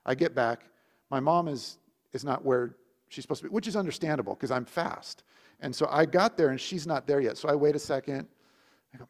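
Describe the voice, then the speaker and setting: A man preaching, telling a childhood story in a lively storytelling manner with big swings in loudness. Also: fairly high pitch, fairly quick. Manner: animated storytelling with lively shifts in volume. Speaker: pastor. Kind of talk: sermon storytelling.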